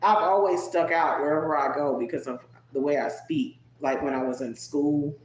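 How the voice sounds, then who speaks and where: A talkative live-stream host with a soft Southern US accent, chatting loosely with viewers at a middling pitch. The voice keeps breaking into laughter and leaping upward in pitch. It rings in an echoey room. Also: moderate pace, a little hiss or hum. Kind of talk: casual live-stream chat. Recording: roomy echo.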